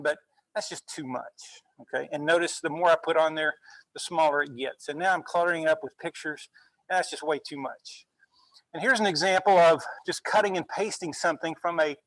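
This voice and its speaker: A male university instructor giving a relaxed classroom lecture, often checking in with "okay?" as he goes. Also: fairly high pitch, dry recording, poor audio. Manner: conversational, frequent "okay?" check-ins.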